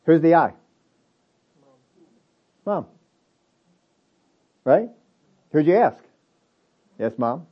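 A man's voice: on the high side, expressive, very slow, pauses often, breathy edge, highs cut off. A man preaching a sermon, emphatic and repetitive, asking rhetorical questions of his listeners.

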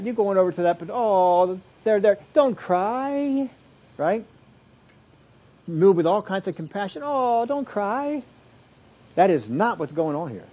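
Male pastor preaching and teaching; fairly high voice, emphatic then hushed. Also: breathy edge, lo-fi sound. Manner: expository preaching, swings from loud emphasis to soft asides. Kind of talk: sermon.

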